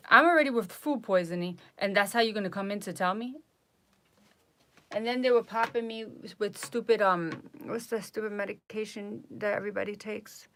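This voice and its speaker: Woman, vlogger, casual storytelling, exasperated, animated, middle pitch. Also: moderate pace. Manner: exasperated, animated retelling with mocking impressions.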